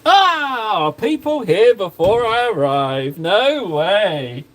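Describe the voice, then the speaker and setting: A man hosting a relaxed livestream, joking and teasing himself as he reads chat. His delivery bounces around with a lively, wide-ranging pitch. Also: very slow, a little hiss or hum. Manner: playful, self-mocking, jokey banter. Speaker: livestream host painting miniatures. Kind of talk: casual livestream chat, reading out chat.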